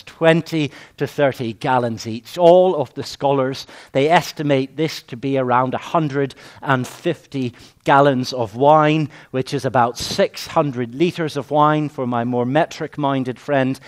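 A man preaches a sermon at a medium pitch. He piles up repeated phrases and slows right down on the words he wants to land.

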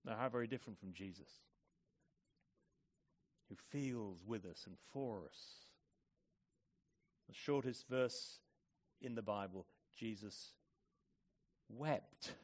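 A man preaching a sermon, moving between hushed, measured reflection and loud, forceful emphasis. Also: on the low side.

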